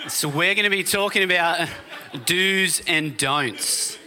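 Bright-voiced pastor preaching casually. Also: male voice, high voice, slow. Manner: casual, keeps checking in with "all right?" and "okay?". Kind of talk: sermon. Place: church service.

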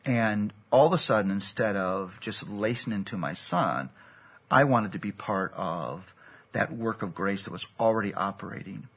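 A man with a low, gravelly voice preaches, recounting a story from his own life. His tone is husky and earnest, and he acts out the dialogue as he goes. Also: normal speed, fairly bright tone. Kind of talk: sermon storytelling.

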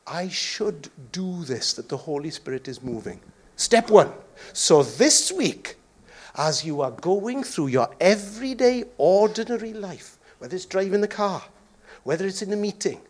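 A man preaching a sermon as pastor, joking and acting out voices along the way. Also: high voice. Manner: jokey, animated, acts out voices.

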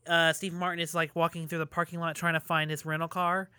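A man talking films on a comedy podcast, halting and offhand in casual chat. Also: on the high side, level tone, pushed and bright, clear, resonant tone, no echo, studio quality. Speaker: podcast guest reviewer.

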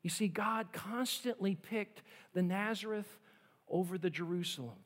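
A male pastor preaching an animated sermon in a church. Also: high voice, moderate pace, big-room sound. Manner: animated, acts out quoted voices.

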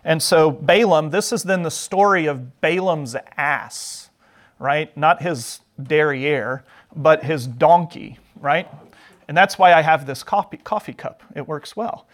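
A man's voice: fairly high pitch, slow. Chatty man teaching a Bible lesson. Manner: chatty, joking, animated retelling. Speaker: Sunday school teacher.

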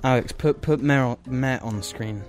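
A man co-hosting a casual podcast chat, blunt and sweary, quick to butt in. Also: medium pitch, over music. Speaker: podcast co-host.

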